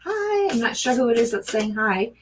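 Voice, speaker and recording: A middle-aged woman speaks on a live stream, pulling oracle cards for viewers and greeting each one by name. Her talk is chatty and easygoing, with bursts of gushing excitement. A faint hiss of noise sits under her voice. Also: on the high side, moderate pace. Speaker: oracle card reader. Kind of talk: live-stream card reading.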